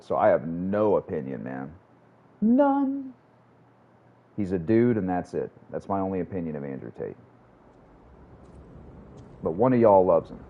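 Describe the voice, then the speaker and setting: A man's voice: low voice, phone-quality sound. A man streaming a game, chatting casually with his viewers in a rambling, profane way. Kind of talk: casual livestream gaming commentary.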